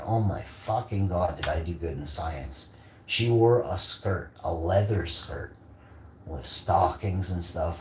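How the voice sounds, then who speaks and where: A man telling rambling, profane, boastful stories in a casual rant. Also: extremely low pitch. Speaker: vlogger. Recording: echoey room, faint background noise.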